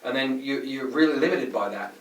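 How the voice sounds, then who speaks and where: Fast-talking, profane young man on a podcast. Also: medium pitch, fairly bright tone. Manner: fast, profane, opinionated rambling. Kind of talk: casual podcast chat. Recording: echoey room, mic at a distance, faint noise.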